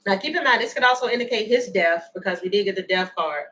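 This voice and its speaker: A woman giving a chatty, animated livestream tarot reading and thanking viewers by name. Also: mid-range voice, quick pace, poor audio. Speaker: tarot reader.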